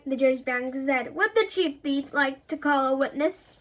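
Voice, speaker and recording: Woman with a high voice reading a children's story aloud, lively, voices the characters. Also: moderate pace. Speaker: reader.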